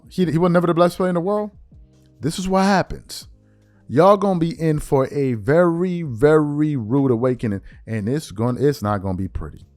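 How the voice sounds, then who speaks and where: A man hosting a podcast, giving a mocking commentary monologue that swings between hushed asides and loud outbursts. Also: medium pitch. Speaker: podcast host.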